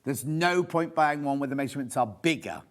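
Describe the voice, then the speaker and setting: A man's voice: medium pitch, animated, brisk. A middle-aged man presenting a live shopping show, chatty and rambling, poking fun at himself as he reads out viewer questions. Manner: chatty, rambling, self-deprecating.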